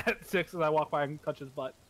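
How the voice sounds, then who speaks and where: A man's voice: on the high side, a little fast, fairly bright tone. A man playing a tabletop game, joking around playfully and laughing often. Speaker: player. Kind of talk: casual tabletop play.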